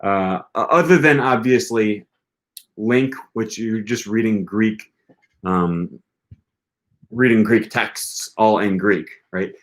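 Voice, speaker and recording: A man's voice: on the low side, slow pace. A man hosting a language-learning livestream, answering viewer questions in a casual, rambling way with lots of hesitant filler words. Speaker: language-learning channel host.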